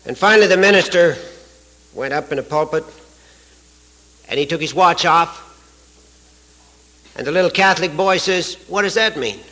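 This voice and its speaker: A man's voice: fairly high pitch, normal speed, long pauses, sharp tone, low-quality recording. Folksy Canadian man telling stories. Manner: folksy joke-telling, chuckling at own stories. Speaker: AA speaker. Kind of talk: storytelling talk at a recovery retreat. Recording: archival live talk recording.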